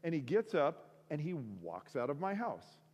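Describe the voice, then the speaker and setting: A man giving a sermon testimony, telling his story in an animated way and acting out the conversations. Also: a little high, moderate pace, big-room sound. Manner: animated storytelling, acts out dialogue. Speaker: guest speaker. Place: school auditorium.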